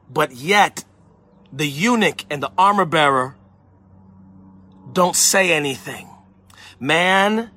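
A man preaching in a loose, conversational way, acting out phone calls and rising into excited exclamations. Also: high voice. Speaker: pastor. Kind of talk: sermon.

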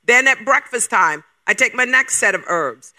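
Male preacher with a very high, bright, forceful voice and an emphatic question-heavy delivery. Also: animated. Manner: emphatic, fires rapid rhetorical questions. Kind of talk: sermon.

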